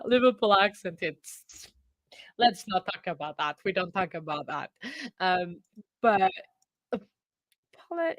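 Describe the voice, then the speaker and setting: A woman's voice: medium pitch, fairly bright tone, dry recording. A woman hosting a casual live stream, chatting and rambling as she reacts, laughing often, on a close microphone. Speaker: livestream host.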